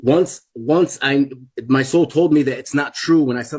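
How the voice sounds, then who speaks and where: Husky guy in his 40s, repeats himself a lot, emphatic storytelling. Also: medium pitch, normal speed, darkish tone. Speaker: guest giving a testimony. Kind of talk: personal testimony.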